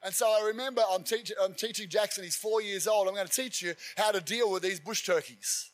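A man preaching a sermon, telling stories with energy and building to fervent shouts. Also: high-pitched, brisk, faint music behind. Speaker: pastor.

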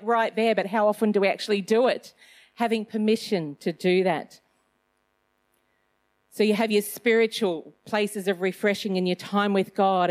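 A middle-aged woman giving a casual Christian talk, chatty and self-mocking, with loose phrasing and plenty of fillers. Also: medium pitch. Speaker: Christian speaker.

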